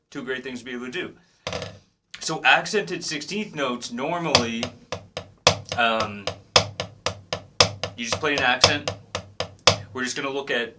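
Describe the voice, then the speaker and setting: Man teaching drums over loud drumming. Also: mid-range voice, measured pace, long pauses, very noisy. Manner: relaxed, talks between demonstrations, counts beats aloud. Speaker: drum teacher. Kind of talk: casual instructional talk. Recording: drums clearly heard behind the voice. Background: drum playing.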